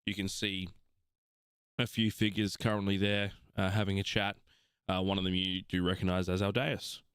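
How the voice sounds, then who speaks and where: A young Australian man narrating as game master, unhurried and full of fillers. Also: sits low, level tone, fairly bright tone, smooth, no room sound, clean studio sound.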